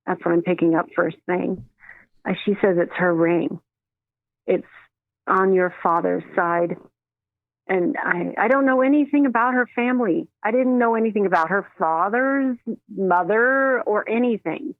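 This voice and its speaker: A woman who works as a medium, telling stories in an animated way and acting out the voices in them. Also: mid-range voice, unhurried, no room sound. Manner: animated, acts out quoted voices, laughs often. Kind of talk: storytelling in a phone interview. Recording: dry tinny phone line.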